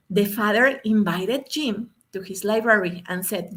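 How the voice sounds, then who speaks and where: A woman's voice: mid-range voice, measured pace, few pauses. A woman from Mexico giving a motivational talk as a guest speaker. She tells a story with emphasis, repeating words and asking the audience questions. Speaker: guest speaker, English language specialist.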